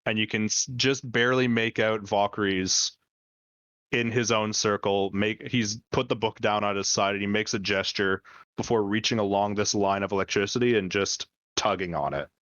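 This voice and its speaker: A man narrating as dungeon master of a tabletop game, descriptive and halting, with many fillers. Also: lowish voice, fairly even intonation, fairly bright tone, no room sound, muffled recording.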